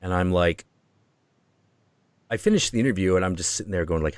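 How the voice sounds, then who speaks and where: A man hosting a stream who tells a story in a profane, excitable way and acts out the quotes. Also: low-pitched, brisk, long pauses, no echo. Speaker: host.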